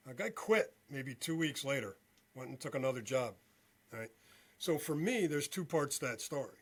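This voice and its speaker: A male veteran and podcast guest telling a story in an animated way, often checking in with "okay?". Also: medium pitch, breathy edge. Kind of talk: storytelling interview.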